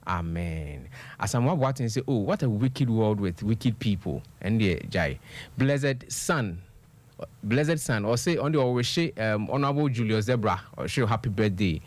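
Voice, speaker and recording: A man's voice: lowish voice, lively intonation, normal speed, hardly any pauses, darkish tone. A man, co-hosting a radio show and reading listener comments aloud in casual banter. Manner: reads comments aloud in a mix of Twi and English.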